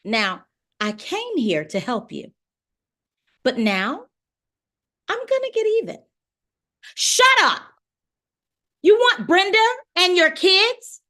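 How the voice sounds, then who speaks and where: A woman acts out a betrayed wife confronting her unfaithful husband, in a very high, bright voice that rises and falls widely. She speaks slowly and accusingly, raw and bitter, heard over a video call. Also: big pitch swings, heavily acted. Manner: accusing, raw, swings between quiet and shouting. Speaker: acting student performing a monologue. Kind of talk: dramatic film monologue performance. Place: home via video call. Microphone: video call microphone.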